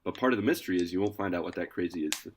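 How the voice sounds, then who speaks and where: A man hosting a casual podcast, introducing his co-hosts with energetic, playful hype. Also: low voice, racing, a little hiss or hum. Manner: energetic, hyped, playful announcer delivery. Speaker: podcast host.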